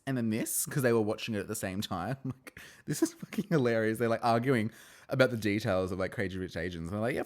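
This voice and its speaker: A man hosting a podcast, recapping a reality show in casual chat, swearing, laughing and acting out the cast's quotes. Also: on the low side. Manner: chatty, animated, swears and laughs often, acts out quotes.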